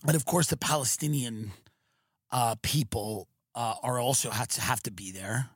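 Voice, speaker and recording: A man hosting a podcast, animated and excitable, riffing through a comic rant with many restarts. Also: medium pitch, normal speed, no echo, clean studio sound. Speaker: comedian podcast host.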